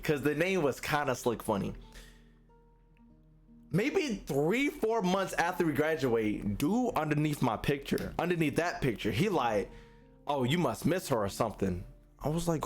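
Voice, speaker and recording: Animated young man telling a story. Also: a little high, moderate pace. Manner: animated, profane, acts out quotes. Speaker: streamer. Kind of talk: storytelling to chat. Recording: faint music behind.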